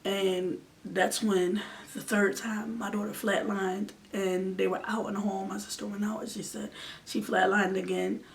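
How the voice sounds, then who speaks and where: A woman's voice: mid-range voice, flat delivery, a little slow, vocal fry. A woman in her twenties telling an emotional storytime in an earnest way, sometimes sinking to a near-whisper. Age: 20s. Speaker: vlogger. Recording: distant mic with faint background noise.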